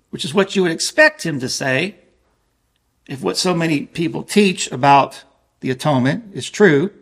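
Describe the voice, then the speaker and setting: A man preaching a sermon in an earnest, emphatic way, slowing down to stress quoted scripture. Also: a little high, lively intonation, gravelly, fairly bright tone, slightly rough.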